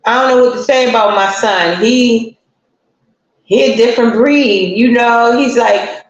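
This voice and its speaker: A woman with a fairly high, slightly slow voice hosts a live stream, telling a story in a chatty, colloquial way and greeting viewers in the chat along the way. The room is very echoey, and the sound is dull and lo-fi.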